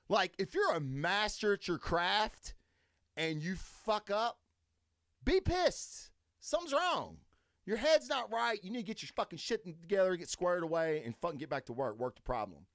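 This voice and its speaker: A man hosting a solo podcast in a casual, profane rant that swings from low mutters to loud, high, emphatic bursts. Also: huge pitch swings, moderate pace, no room sound, studio quality. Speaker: podcast host.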